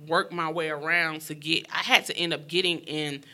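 A young woman recounting her own story in a frank, emotional conversation. Her voice is very bright and sharp. She speaks in quick, heartfelt bursts. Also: low-pitched, fairly even intonation. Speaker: guest sharing her story. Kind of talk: candid personal storytelling.

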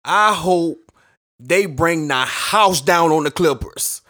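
Indignant high-voiced podcast co-host man. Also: slow pace, background noise. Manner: indignant, repetitive scolding. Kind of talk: sports talk rant.

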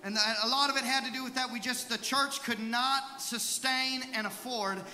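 A young male evangelist preaching a storytelling sermon, moving from hushed asides to shouted exhortation. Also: extremely high pitch, steady tone, normal speed, a little hiss or hum. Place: large church sanctuary. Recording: echoey hall with crowd.

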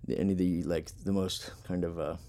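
Guy with a real low voice rambling thru band stories, swears a lot, laid back. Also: little pitch movement, brisk, warm tone. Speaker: podcast host and punk musician. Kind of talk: casual chat.

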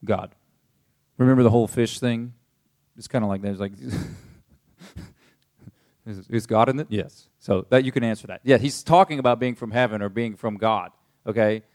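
A man's voice: on the low side, normal speed, long pauses, a little mellow. A young adult man pastor teaching a Bible passage in a casual, conversational way, paraphrasing with many fillers.

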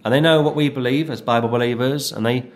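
A man delivers a verse-by-verse sermon. His voice sits at an ordinary middle pitch. He talks earnestly and animatedly, slipping into the voices of the people he quotes. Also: quick pace. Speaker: preacher. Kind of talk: expository sermon.

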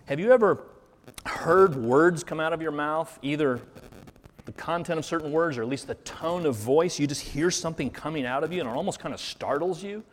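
A man preaching a Sunday morning sermon, earnest and reflective, posing rhetorical questions to his congregation. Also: on the high side. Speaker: pastor. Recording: reverberant hall, faint noise.

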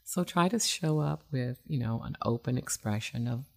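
A woman's voice: very deep voice, lively intonation, moderate pace, gravelly, darkish tone. A woman hosting an internet radio show as a relationship expert, giving advice in a conversational, emphatic way with frequent fillers.

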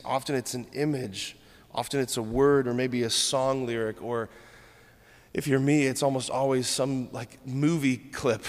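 A man preaching a sermon, earnest and steady, building his points through rhythmic lists. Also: mid-range voice. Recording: long hall reverb.

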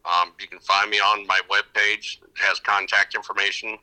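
A man's voice: lowish voice, little pitch movement, moderate pace, pushed and bright, low-quality recording. A middle-aged man, a fishing guide, telling stories in casual interview chat, rambling with many restarts. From upper Midwest of the United States. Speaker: fishing guide and podcast guest.

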